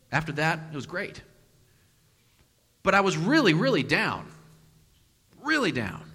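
A male pastor preaches a sermon woven with a personal story, acting out quotes with sudden loud bursts and hushed asides. His voice is a bit high and bright, rising and falling widely. A large hall's long reverb fills the recording.

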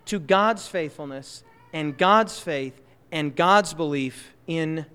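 Impassioned preacher in an echoing hall. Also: male voice, fairly high pitch, smooth. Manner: impassioned, swings between loud emphasis and soft slow asides. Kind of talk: sermon. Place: church.

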